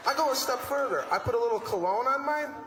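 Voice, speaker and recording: A man doing a stand-up routine on stage, telling stories in an animated, exasperated way with acted-out asides. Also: very high-pitched, quick pace, a crowd in the background. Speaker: stand-up comedian. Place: comedy stage before a live audience. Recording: roomy venue with live audience and noise.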